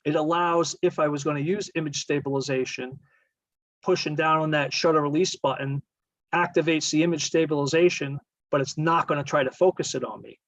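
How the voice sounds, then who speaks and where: A man presents a casual slideshow on photography, his voice sitting a little high. He explains things loosely and often backs up to rephrase. The sound is dull and lo-fi, with no room echo at all. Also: fairly quick, fairly bright tone. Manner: explanatory, rambling, self-correcting.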